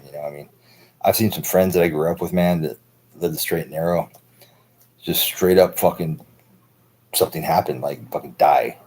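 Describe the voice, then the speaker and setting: Man, 30s, stream host. Low, husky, loose profane monologue. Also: darkish tone, rough recording. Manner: profane, rambling, heavy use of filler words. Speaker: livestream host. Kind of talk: rambling monologue.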